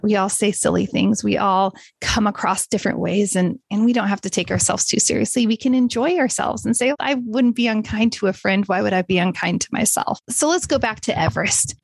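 Chatty and encouraging, this middle-aged podcast host talks casually on her own show and now and then laughs at herself. She has a mid-range voice, recorded with no room sound.

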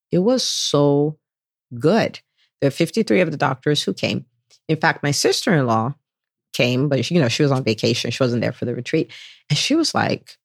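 A woman physician hosts her podcast alone, speaking with warm, bubbling enthusiasm. She often lifts her pitch to imitate the people she quotes. The sound is close and dry, with no room around it. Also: creaky, no room sound. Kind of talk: solo podcast monologue.

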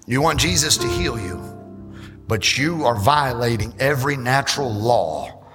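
A male pastor preaching a sermon, acting out church members and rising into shouts. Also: medium pitch, animated. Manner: acts out church members in quick asides. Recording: reverberant hall with music behind.

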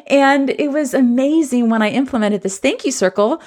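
A woman's voice: sits high, moderate pace, darkish tone. A woman, a former teacher now working as a coach, telling a personal story in an earnest, reflective way. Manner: earnest, reflective, re-enacts children's voices.

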